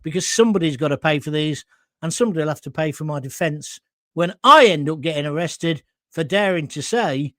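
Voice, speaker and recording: Male live-stream host, heated and emotional, pitch swinging widely, dry close sound. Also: lively intonation, a little fast, fairly bright tone, no room sound. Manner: indignant and emotional, addressing viewers directly. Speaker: host of his own live show. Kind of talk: impassioned live-stream commentary.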